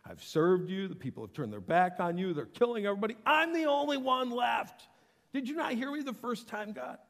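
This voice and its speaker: A man voicing a blunt, exasperated prophet whose complaint rises to a shout. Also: sits high, very animated, fast. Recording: long hall reverb.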